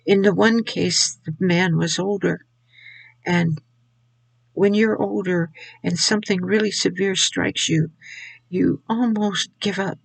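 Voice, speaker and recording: Slow, gravelly older woman. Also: fairly low pitch, fairly even intonation, dry recording, poor audio. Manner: halting, repeats words. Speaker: Christian video speaker. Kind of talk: personal faith testimony.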